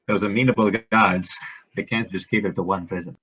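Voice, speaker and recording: A man's voice: sits low, fairly even intonation, fairly quick, a bit bright, slightly rough, low-quality recording. A man chatting and joking casually while playing through a game with a friend. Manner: joking, laughing between lines. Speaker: let's play co-player. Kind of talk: casual chat over a game.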